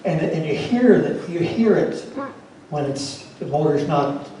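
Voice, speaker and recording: A man's voice: on the high side, expressive, a little slow, warm tone. A man presenting a hands-on workshop demonstration to a club, answering audience questions in a plainspoken, practical way. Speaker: club presenter teaching routing. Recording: very echoey room, voice from far off, faint noise.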